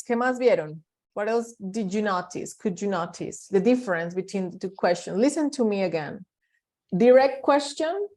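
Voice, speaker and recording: A woman's voice: medium pitch, darkish tone. A woman teaching an English class over a video call, explaining patiently and repeating examples with lots of fillers.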